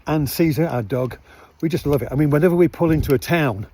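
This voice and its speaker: At night outside his van, a man narrates a casual vlog, rambling in a relaxed way with lots of fillers. His voice is a little high and he talks fast.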